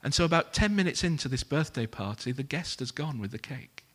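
A man preaching a sermon, telling a story in a lively way and acting out the characters' lines. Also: medium pitch, fairly quick.

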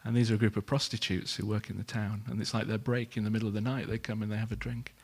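Husky preacher telling a story. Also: male voice, on the low side, quick pace. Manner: animated storyteller acting out the characters' lines. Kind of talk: sermon storytelling.

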